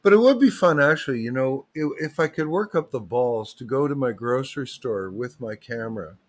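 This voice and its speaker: A man's voice: medium pitch, animated, normal speed. Rambling man livestreaming. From Canada. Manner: rambling, digressive, joking. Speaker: livestream host.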